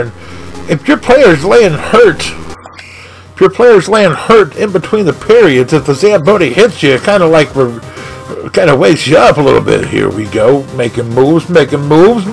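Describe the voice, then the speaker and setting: Man, gaming commentary, excitable, gravelly, shouts a lot, lively swings in pitch. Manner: excitable, shouts at the game, lots of exclamations. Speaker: gaming channel host. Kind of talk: live gameplay commentary.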